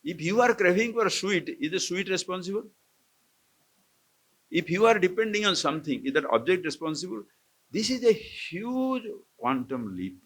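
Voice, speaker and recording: Swami giving a talk to a camp crowd, kinda high voice, keeps asking questions and chuckling. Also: male voice, slightly rough. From India. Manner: animated, questioning, playful, chuckles often. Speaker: swami teaching scripture. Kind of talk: live spiritual discourse to a camp audience. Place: lecture hall at an ashram camp.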